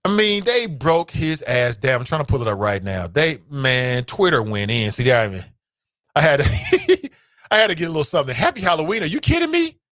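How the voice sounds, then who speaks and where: A man hosting a talk show with an American Midwest accent, giving casual commentary, animated and laughing, swinging from loud outbursts to low asides. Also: normal speed, no room sound, clean studio sound.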